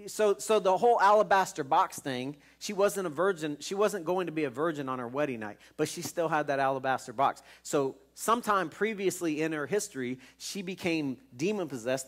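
A man preaching to his congregation as pastor, telling the story in a loose, conversational way. He stumbles and repeats words as he goes, and his voice sits slightly on the higher side. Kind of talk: sermon.

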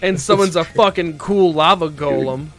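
A man playing a game online with friends, joking and excitable. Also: on the high side, normal speed. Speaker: player. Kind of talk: casual gaming chat. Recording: noisy mic with clicks.

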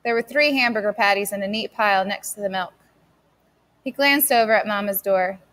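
A woman's voice: medium pitch, a little fast, a bit bright. A woman steadily narrating a novel as an audiobook reader. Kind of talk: scripted narration.

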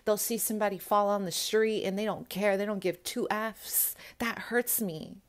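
A woman's voice: medium pitch, steady tone, normal speed. Earnest woman vlogging to her viewers. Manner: earnest, emphatic, addresses viewers directly. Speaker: spiritual vlogger. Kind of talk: casual talk to camera.

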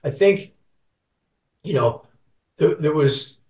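A man's voice: a little high, expressive, slow pace, darkish tone. A man in his sixties, from Scotland and raised in Canada, telling stories as an interview guest and rambling with many restarts. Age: 60s. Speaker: guest musician. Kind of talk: interview storytelling. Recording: roomy sound, distant from mic.

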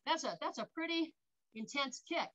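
A woman's voice: high voice, lively intonation, moderate pace, a bit bright, highs cut off. A woman park guide leading an outdoor workout, upbeat, counting reps aloud and cheering, a little out of breath. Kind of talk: instructional exercise demonstration.

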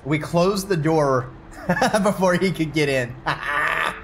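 A man's voice: a little high, slow pace, a little hiss or hum. A man streaming a video game, talking to himself and his viewers, swearing and yelping at what happens on screen. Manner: excitable, swears and yelps at the game. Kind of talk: casual gameplay commentary.

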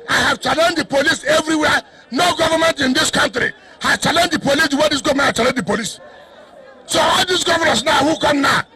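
A man with a Nigerian accent, a state governor addressing a crowd in a loud, defiant, repetitive way. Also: extremely high pitch. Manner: repeats himself, cuts in with "hold on"; defiant, declamatory.

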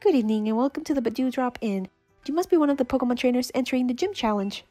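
A woman's voice: high-pitched, expressive, fast talker, mellow, dry recording, faint music behind. A woman voicing a polite hotel clerk, reading game dialogue in a formal, courteous way.

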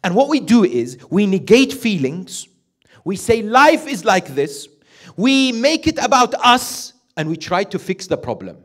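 Animated preacher man with lively pitch. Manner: animated, asks the audience questions and acts out quoted parents; recites Quranic Arabic quickly. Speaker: sheikh giving a Muharram lecture. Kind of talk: sermon.

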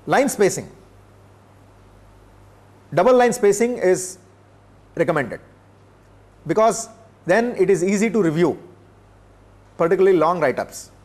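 An older man from India, giving a classroom lecture in a measured way, pausing often with filler sounds. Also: high voice, animated, a little mellow. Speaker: professor. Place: lecture room.

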